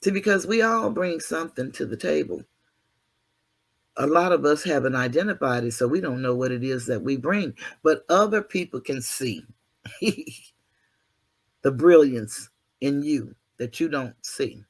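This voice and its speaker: A man's voice: on the high side, lively intonation, unhurried, creaky. Male vlog host, motivational monologue; preachy, down-to-earth, self-mocking. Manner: preachy, earthy, self-deprecating, mild cursing. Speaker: channel host.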